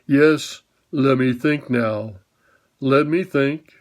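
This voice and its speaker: A man voicing a gentle talking horse who speaks slowly and thoughtfully, as if half remembering a dream. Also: medium pitch. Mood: musing. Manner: slow, thoughtful, muddled. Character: slow, gentle old cab horse.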